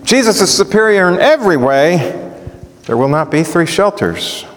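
A man's voice: high-pitched, moderate pace. A male preacher teaching from the Bible, asking questions as he goes. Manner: animated, asks the audience questions. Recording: echoey hall.

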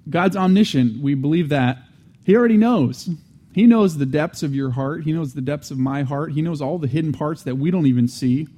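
A man's voice: on the high side, normal speed, hardly any pauses, dark tone. A man giving an earnest teaching sermon, restating key phrases and adding conversational asides between restarts. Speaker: Christian teacher.

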